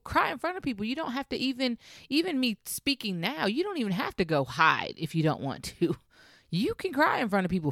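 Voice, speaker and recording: A woman's voice: medium pitch, fairly bright tone, dry recording, clean studio sound. A young woman hosting a solo podcast, talking casually and emphatically as she encourages her listeners. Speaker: podcast host.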